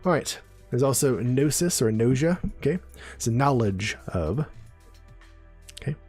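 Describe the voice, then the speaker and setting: A man's voice: mid-range voice, animated, a little slow, darkish tone, breathy edge, soft background music. A man giving a casual live-stream neuroscience lesson, explaining terms and checking in with viewers as he goes. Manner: chatty, explains terms with frequent "right?" and "okay?" check-ins.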